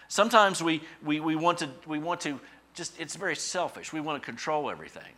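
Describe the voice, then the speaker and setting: A middle-aged man preaching a sermon in a conversational, storytelling way, acting out quoted thoughts in a higher voice. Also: big pitch swings, fast, pushed and bright. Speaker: pastor.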